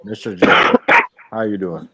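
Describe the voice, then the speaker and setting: A man's voice: fairly low pitch, normal speed, very noisy. A man chatting in a casual livestream, easygoing and friendly.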